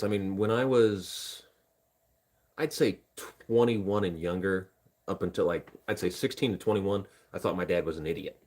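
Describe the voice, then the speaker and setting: Deep and darkish in tone, the voice belongs to a young Indiana livestreamer. He chats casually, rambling along and making self-deprecating jokes as he addresses his chat and his dog.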